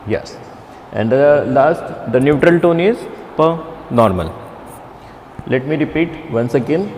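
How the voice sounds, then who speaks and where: A man teaching a beginner Chinese class, speaking haltingly with many restarts and fillers. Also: on the high side, expressive, darkish tone, long reverb tail, a little hiss or hum. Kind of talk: classroom lecture.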